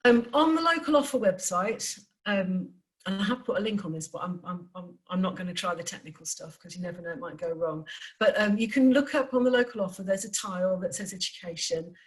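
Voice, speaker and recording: A woman from the council giving a presentation to parents, hesitant with many pauses and restarts. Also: mid-range voice, low-quality recording. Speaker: council adviser on special needs education.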